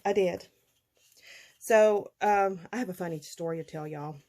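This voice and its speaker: A woman's voice: fairly low pitch, a little slow, mellow. A middle-aged woman, chatting casually to her viewers in a folksy way, laughing often. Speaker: vlogger.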